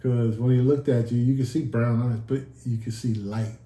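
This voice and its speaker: Earnest and measured, a male guest tells of his brush with death during a casual sit-down chat, performing the lines people spoke. His mid-range voice is dark with fairly even intonation, at a moderate pace, in an echoey room.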